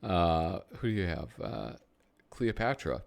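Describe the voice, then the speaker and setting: Brief: a rambling casual male host, low voice, animated intonation. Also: measured pace. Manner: rambling, frequent ums, thinking aloud. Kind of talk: casual chat while flipping through a magazine.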